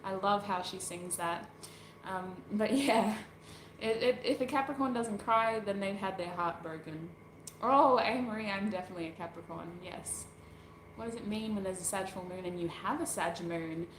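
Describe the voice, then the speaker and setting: A woman's voice: mid-range voice, moderate pace. A woman hosting a casual livestream, rambling as she answers viewer comments and laughing often. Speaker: tarot reader, channel host. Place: at home doing makeup. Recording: roomy echo, faint background noise.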